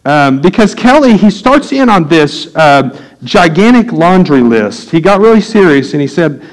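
A man's voice: on the high side, normal speed, poor audio. Upbeat man preaching in storyteller style. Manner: animated anecdotes, loose and conversational with restarts. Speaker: pastor. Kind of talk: sermon storytelling to a live congregation.

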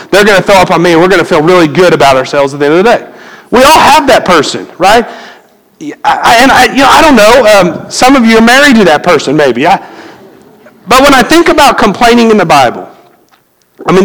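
A man's voice: high voice, fairly bright tone, in a large hall, rough recording. A man preaching a sermon as pastor, talking conversationally and asking the congregation questions.

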